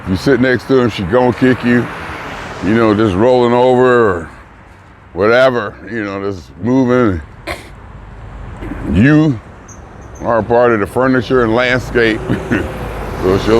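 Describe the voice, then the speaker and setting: A man's voice: mid-range voice, unhurried, long pauses. An older man vlogging in a casual, musing way, trailing off mid-thought as he reflects aloud. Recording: noisy outdoor traffic. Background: passing cars and street ambience.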